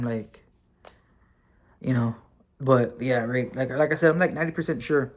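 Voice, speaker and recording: A man of ordinary pitch talking straight to his viewers in a loose, conversational way. He keeps the story rolling with "you know" and "like", drops in the occasional curse, and sounds relaxed. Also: normal speed, creaky. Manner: relaxed and conversational, with frequent fillers and occasional swearing. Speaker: vlogger and former correctional officer, now bus driver. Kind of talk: casual storytelling to camera.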